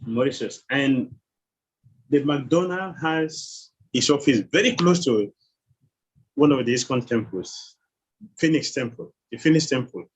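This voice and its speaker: A man's voice: medium pitch, expressive, a little slow, long pauses, slightly rough, rough recording. A man teaching a scripture class who keeps quizzing his listeners with questions and chuckles as he goes. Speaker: spiritual teacher.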